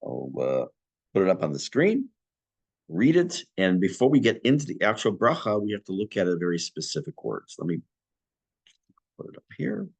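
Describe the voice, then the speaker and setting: A man teaching an online class on prayer, reading Hebrew phrases and explaining them in English with a lively teacher's delivery. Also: sits low, normal speed, gravelly, husky. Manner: lively teacher's delivery, rising on key words.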